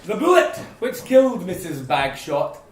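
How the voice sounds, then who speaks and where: A man's voice: high voice, sing-song, moderate pace, background noise. A man playing a pompous, bumbling police inspector who blusters and mangles his words, in an amateur stage play. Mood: blustering. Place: stage in a hall. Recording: echoey hall from far off.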